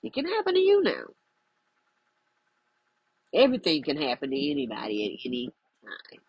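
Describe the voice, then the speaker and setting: A woman's voice: low voice, wildly swooping pitch, normal speed, husky, no echo, lo-fi sound. Emphatic preachy woman coach, dry close sound. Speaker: spiritual life coach. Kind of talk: direct-to-camera monologue.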